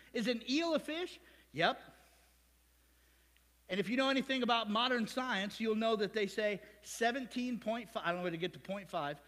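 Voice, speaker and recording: A male pastor from Ohio preaching a sermon in a church, lively and conversational, with asides to the congregation. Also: high-pitched, long reverb tail. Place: church sanctuary.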